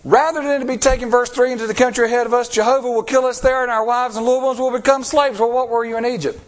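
A male pastor giving an expressive sermon, asking the congregation rhetorical questions and acting out the voices of people he quotes. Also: very high-pitched, fast.

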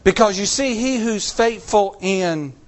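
A man's voice: high-pitched, unhurried. A middle-aged man preaching a story-filled sermon, acting out quotes in shifting voices.

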